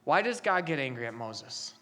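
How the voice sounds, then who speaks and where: Young woman, pastor, sermon, lively pitch swings, rhetorical questions. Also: normal speed, a little hiss or hum. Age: young adult.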